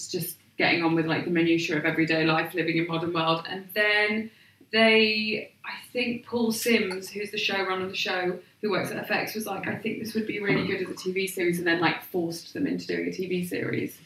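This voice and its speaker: A woman's voice: lowish voice, fairly even intonation, a little fast, a bit bright, roomy sound, distant mic, poor audio. A woman, a podcast guest who tells rambling, self-deprecating stories with lots of laughter. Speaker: podcast guest, comedic actress. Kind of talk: casual chat.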